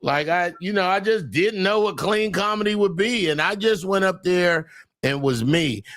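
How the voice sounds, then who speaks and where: A middle-aged man, a comedian guest, talking loud and animated, laughing through his stories. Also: sits high, normal speed, dry recording. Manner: loud, talks over his own laughs, Southern Black church slang. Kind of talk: animated podcast chat.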